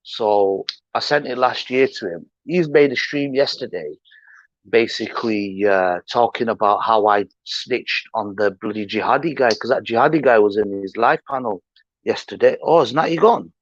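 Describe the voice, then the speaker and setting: A man's voice: fairly low pitch, moderate pace, no echo. A man hosting a livestream, ranting in heated casual talk, slangy, combative and full of swearing. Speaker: livestream host. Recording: dull lo-fi stream audio.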